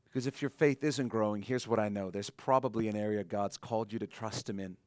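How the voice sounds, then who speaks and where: A man preaching a sermon in an earnest way, slowing down and softening on his key points. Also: on the low side, steady tone, dry recording. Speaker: pastor.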